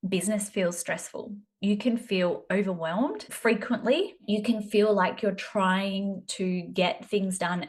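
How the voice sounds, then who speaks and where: A woman in her thirties with an Australian accent, hosting a solo business podcast in a chatty, self-deprecating way. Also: lowish voice. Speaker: podcast host, business coach. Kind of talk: casual solo podcast talk.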